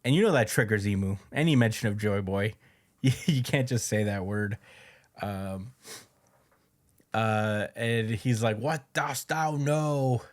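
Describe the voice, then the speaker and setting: A man's voice: fairly low pitch, unhurried, pauses often. A man hosting a podcast, casually recapping a manga chapter in a loose, profane way and chuckling as he goes. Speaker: podcast host.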